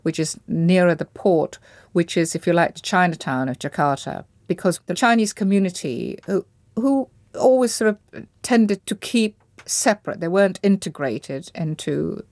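A woman's voice: on the low side, expressive, moderate pace, darkish tone, dry recording. Reflective woman recalling her childhood. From Indonesia. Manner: thoughtful, searching for words, frequent restarts. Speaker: interview guest. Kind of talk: reflective personal recollection.

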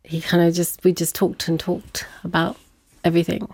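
A woman's voice: fairly low pitch, little pitch movement, moderate pace, darkish tone, breathy edge, no echo. Chatty woman, dry close sound. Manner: chatty, laughs often, acts out quoted voices. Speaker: interview guest. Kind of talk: personal storytelling interview.

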